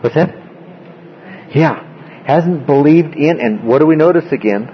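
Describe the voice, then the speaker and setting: Teaching a classroom Bible study, a man with a slightly high voice goes through the passage word by word in an expressive, unhurried way, often pausing to check in with the class. The audio is muffled, with a bit of hiss or hum.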